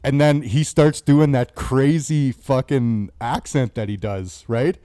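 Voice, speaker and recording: A man's voice: mid-range voice, slow, dark tone, no echo, clean studio sound. A man in a casual movie discussion, telling a behind-the-scenes anecdote and swearing freely.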